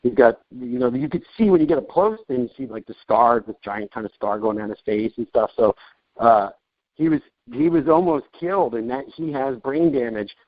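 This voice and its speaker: A man's voice: mid-range voice, lively intonation, normal speed, no echo. A man hosting a podcast, rambling and joking through casual interview chat with many restarts. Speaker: podcast host. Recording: dull lo-fi dry podcast audio.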